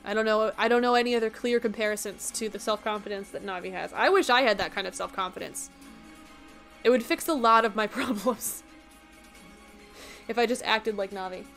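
Sounding tired, a game streamer rambles to her audience in a fairly quick, slightly bright mid-range voice, making jokes at her own expense. Faint music can be heard in the background.

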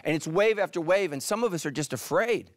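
A middle-aged male pastor preaching a sermon, animated, swinging from loud emphatic peaks to hushed, quiet lines. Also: high voice, brisk, no room sound, clean studio sound. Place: church stage.

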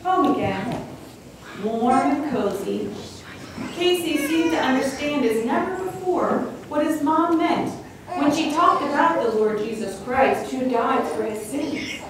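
A woman reading a suspenseful children's story aloud in a church, with expressive storytelling. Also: high-pitched, a little slow, background noise. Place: church sanctuary. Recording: very echoey hall, distant mic.

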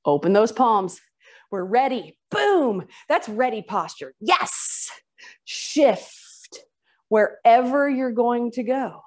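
A woman guides a yoga class in a slow, unhurried way, her voice sitting a little on the high side. She gives chatty, encouraging cues between breaths. As she moves through poses, her voice now and then drifts away from the mic. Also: big pitch swings, a little mellow. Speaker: yoga instructor. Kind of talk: guiding a live yoga class.

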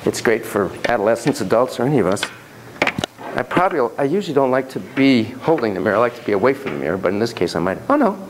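A man teaching a class on child psychotherapy in a classroom, talking in an animated way that swings between soft, low asides and emphatic bursts, often repeating his phrases. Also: fast, noisy background. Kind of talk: classroom lecture with a volunteer demonstration.

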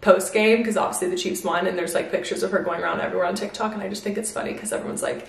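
A woman's voice: on the low side, fairly even intonation, very fast, gravelly. A woman vlogging at home in casual chat to camera, talking loosely with lots of "like" and "um" fillers. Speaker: lifestyle vlogger. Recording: echoey room, faint noise.

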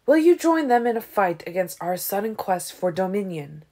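A woman reading an audiobook, voicing an ancient male vampire leader who speaks in a tolerant, silky, falsely gentle way. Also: medium pitch, very animated, normal speed. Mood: smooth, condescending.

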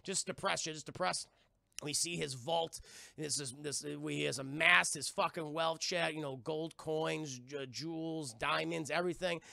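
Brief: high, raspy, bright-toned streamer, swears a lot, chats to viewers. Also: male voice, moderate pace, no room sound. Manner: profane, rambling, addresses chat. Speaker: streamer reviewing a cartoon. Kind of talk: casual live-stream recap.

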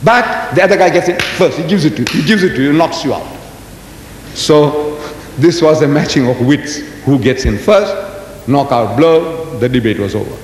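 A man in his seventies giving a lecture to an audience, telling stories in an animated way and firing off rhetorical questions. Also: moderate pace. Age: 70s. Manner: animated storytelling, rhetorical questions, emphatic jumps in pitch. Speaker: Islamic lecturer. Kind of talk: lecture delivered to a live audience. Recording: roomy hall reverb, faint background rumble.

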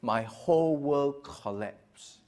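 A middle-aged man from Singapore, a pastor giving a personal testimony. He tells it as a story, dropping to a hush and then rising loud and lively, often repeating words. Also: medium pitch, takes it slowly.

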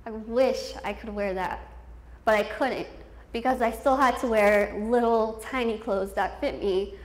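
A woman's voice: on the high side, a little slow. A woman in her twenties telling her life story as a motivational speaker, candid and self-deprecating, laughing often. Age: 20s. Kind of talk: personal storytelling speech. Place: event hall with a youth audience. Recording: echoey room.

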